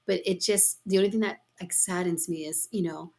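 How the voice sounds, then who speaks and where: Expressive middle-aged woman sharing a story. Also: lowish voice, a little fast, vocal fry. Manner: expressive storyteller, exclaims often. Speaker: podcast host. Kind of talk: heartfelt casual conversation.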